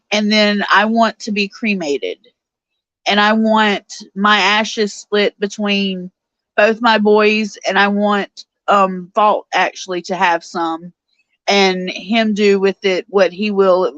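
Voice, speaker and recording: A woman's voice: mid-range voice, fairly bright tone, no echo. A woman, hosting a casual live stream, chatty and tearful as she reads messages from viewers. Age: 40s. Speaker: show host reading live chat. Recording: dull, lo-fi sound.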